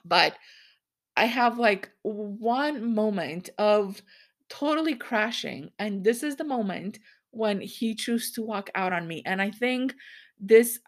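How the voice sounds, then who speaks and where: A woman's voice: medium pitch, lively intonation, takes it slowly. A woman in her thirties hosting a solo podcast, talking candidly and in a rambling way, often laughing as she speaks. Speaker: podcast host.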